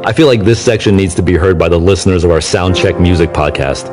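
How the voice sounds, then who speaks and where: Podcast host, male, low voice, measured scripted voice-over over a music bed.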